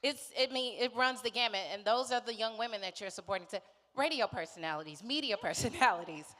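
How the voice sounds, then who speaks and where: Bright, playful woman as gala emcee, reverberant hall. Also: on the high side, fast. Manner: playful, laughing asides. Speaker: event emcee. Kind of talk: live fundraising emcee. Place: large event hall.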